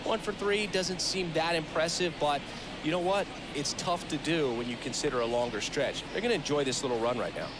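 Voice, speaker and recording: An actor playing a conversational, analytical baseball color commentator in a video game. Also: male voice, fairly high pitch, a little fast, noisy background, lightly acted. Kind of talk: broadcast sports analysis. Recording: game audio with music behind.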